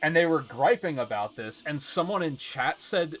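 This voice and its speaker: A man's voice: on the high side, animated, moderate pace, a bit bright. A young man streaming a video game, chatting casually with viewers in a rambling, exasperated way. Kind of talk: casual gaming stream chat.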